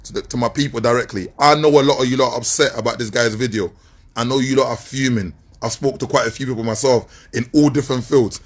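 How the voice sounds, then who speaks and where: A man with a husky voice speaking directly to his people, calmly urging them to keep their composure. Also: medium pitch, quick pace. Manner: calm, appealing for composure. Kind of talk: direct appeal video.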